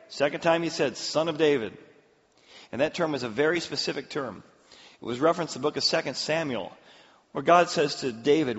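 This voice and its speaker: A male pastor preaching a sermon, telling a story with acted-out quotes and an animated delivery. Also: on the high side, normal speed. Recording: echoey hall, slightly dull.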